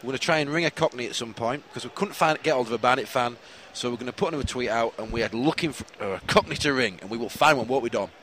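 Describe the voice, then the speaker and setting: A man co-hosting a casual football podcast, teasing and quick with banter. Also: mid-range voice, fairly bright tone, a little hiss or hum. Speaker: podcast co-host. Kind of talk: casual chat.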